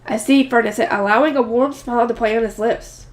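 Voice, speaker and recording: A woman's voice: fairly high pitch, fast talker. Slightly nasal woman reading a novel. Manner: chatty asides, emotional, some stumbles. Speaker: audiobook reader. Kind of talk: casual light novel reading with asides.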